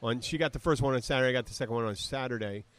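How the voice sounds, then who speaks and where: A man's voice: mid-range voice, racing, fairly bright tone, dry recording. A man in his fifties hosting a podcast in casual chat, rambling with restarts and fillers. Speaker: podcast host.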